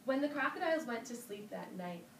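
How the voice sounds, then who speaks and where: A woman telling a folk tale to children, animated and inviting her listeners to join in. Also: on the high side, brisk, vocal fry. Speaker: storyteller. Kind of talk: interactive storytelling for children. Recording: roomy, distant mic with ambient noise.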